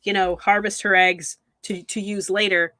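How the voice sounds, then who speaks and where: A woman's voice: mid-range voice, level tone, normal speed, sharp tone, no room sound, studio quality. A woman co-hosting a casual recap chat, agreeing often and giving frank opinions. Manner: agreeable, frank commentary with short backchannels. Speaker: podcast co-host.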